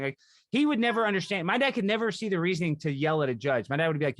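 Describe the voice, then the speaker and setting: Man, podcast host, high voice, rapid rambling chat, dry sound. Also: no room sound. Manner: rambling, restarts often, fast excitable talk.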